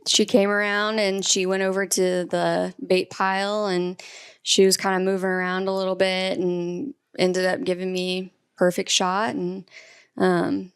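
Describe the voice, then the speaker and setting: A woman who is a guest, telling her hunting story in a casual, hesitant way with many pauses. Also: fairly low pitch, little pitch movement, clear, resonant tone, no room sound, studio quality. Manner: hesitant, with frequent "um". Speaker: guest, hunter's wife.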